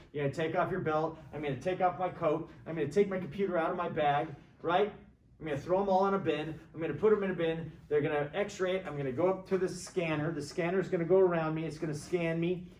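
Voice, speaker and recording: A man's voice: on the high side, darkish tone. Rambling middle-aged man lecturing in echoey classroom. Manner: rambling, opinionated, keeps checking in with "right?". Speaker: college government lecturer. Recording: echoey classroom, mic far from speaker.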